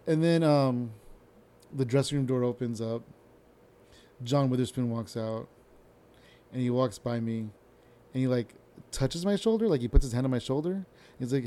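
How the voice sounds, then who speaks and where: A man's voice: mid-range voice, moderate pace, mellow. A young adult man hosting a podcast, telling a rambling, self-interrupting story with casual swearing. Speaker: podcast host.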